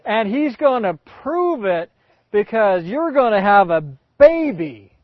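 A man's voice: high voice, sing-song, takes it slowly, dry recording, voice pushed up, full character voice. A man voicing Abraham, an eager old man bursting with news, in a dull, dry recording. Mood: excited. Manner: eager, announcing.

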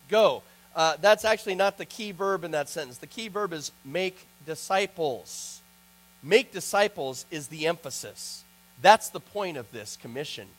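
A man's voice: sits high, fairly bright tone, rough recording. A man preaching a sermon as pastor, earnest and building to emphatic points.

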